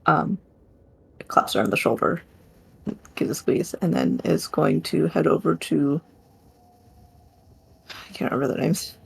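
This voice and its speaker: A player narrates her character's actions in a tabletop role-playing game, rambling with laughing asides. Her low voice is expressive, creaky and a little breathy, and she speaks at a measured pace with long pauses.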